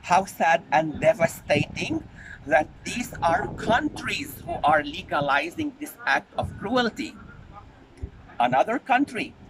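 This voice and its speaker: A man making an earnest, pleading spoken appeal for animal welfare, repeating his key points. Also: high-pitched. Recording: noisy background.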